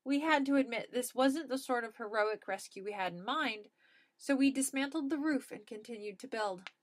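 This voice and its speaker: A woman's voice: fairly high pitch, moderate pace. A woman reading a comic storybook aloud as narrator, with a dry, matter-of-fact delivery.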